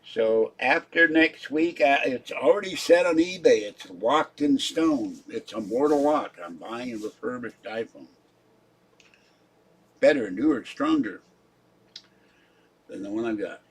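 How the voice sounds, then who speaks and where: A man's voice: mid-range voice, lively intonation, measured pace, breathy edge. A man chatting casually on his own livestream, rambling and muttering asides to his chat. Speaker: YouTube livestreamer.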